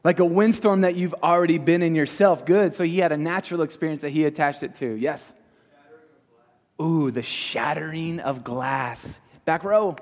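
A man's voice: on the high side, darkish tone. A man leading a youth group as their pastor, teaching interactively and firing question after question at the audience. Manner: asks the audience many quick questions. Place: large hall with an audience. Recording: reverberant hall.

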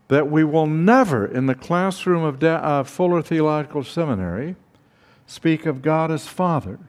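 An older man slowly telling a personal story, acting out the dialogue with dramatic pauses. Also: on the high side. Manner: slow, dramatic retelling with acted dialogue. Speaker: speaker recounting his teaching past.

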